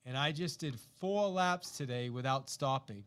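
A man's voice: mid-range voice, normal speed, clean tone. A middle-aged man, a podcast host, telling a personal story to listeners and acting out the quotes. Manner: animated, acts out quotes, repeats himself.

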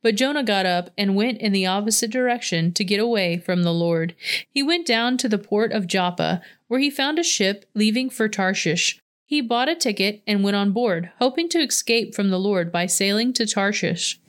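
In a mid-range voice, a woman reads a Bible passage aloud at a steady, measured pace.

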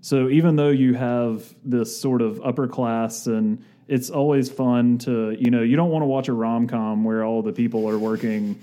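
A man's voice: medium pitch, fairly even intonation, moderate pace, hardly any pauses, mellow. A man co-hosting a podcast, talking casually and thinking aloud in loose, winding sentences. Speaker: podcast co-host.

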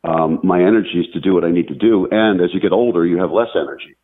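A man talking earnestly in a reflective podcast, halting and restarting as he talks about martial arts teaching. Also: low-pitched. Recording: tinny phone-like line, faint music.

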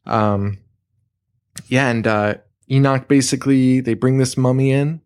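A man's voice: medium pitch, little pitch movement, measured pace, a little mellow, clear, resonant tone. A man co-hosting a podcast, casually recapping a horror episode, joking, swearing and laughing often. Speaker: podcast co-host.

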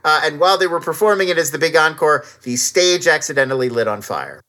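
Lively, opinionated co-host from Southern California, bright tone. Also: mid-range voice, fast talker. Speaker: film podcast co-host. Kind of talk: casual chat.

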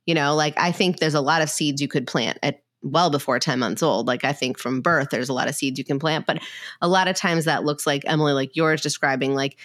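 A woman with a low, grounded voice talks through ideas as a therapist in a relaxed podcast conversation. Her speech is loose and filler-heavy, and it wanders as she thinks aloud. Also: fairly quick. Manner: conversational, many fillers, acts out quoted voices. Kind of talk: casual podcast discussion.

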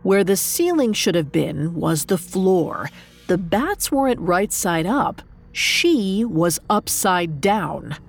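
A woman narrating a dark storybook myth in a measured, dramatic way. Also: fairly low pitch, very animated, creaky, faint music behind. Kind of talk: scripted narration.

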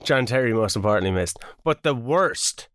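Animated Irish man, lively pitch. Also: normal speed, dry recording, clean studio sound. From Ireland. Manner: swearing, animated banter. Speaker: podcast co-host. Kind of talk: casual podcast chat.

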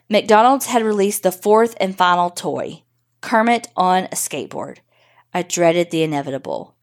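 A woman's voice: on the low side, animated, normal speed. A woman podcast host reading a listener's story aloud in a wry, profane, conversational way.

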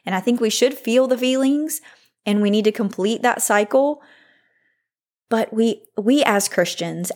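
A woman in her thirties hosting a faith-based podcast, talking in a candid, reflective way with frequent "like" fillers. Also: mid-range voice. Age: 30s. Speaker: podcast host.

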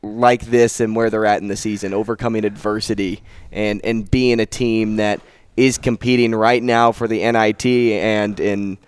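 A man hosting a live sports radio show, upbeat and energetic, bantering with his co-host. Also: on the low side, moderate pace, smooth, no room sound. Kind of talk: casual sports talk.

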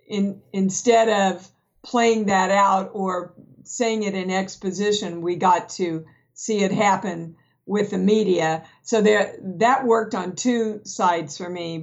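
A frank woman speaks at a middle pitch, telling stories from her own life in a relaxed film chat. The audio is dull and slightly lo-fi, and her way of talking is plain and unguarded. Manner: candid, frank storyteller. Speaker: guest actress. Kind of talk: casual film discussion.

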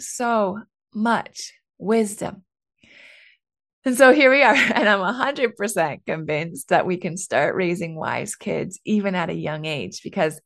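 A woman in her thirties hosting a casual solo podcast, chatty and candid, laughing often and sprinkling in "like" and "right.". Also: medium pitch. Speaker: podcast host.

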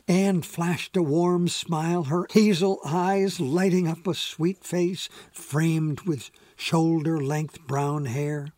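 Slow, gentle male audiobook narrator. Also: on the high side, steady tone, no room sound. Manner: measured, gentle storytelling. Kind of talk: scripted narration.

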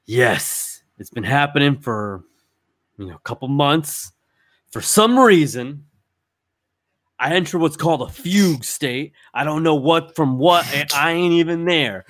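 A man telling a rambling comedy story in a gruff, ungrammatical, slangy way. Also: a little high, a little slow, a bit bright, no echo, studio quality.

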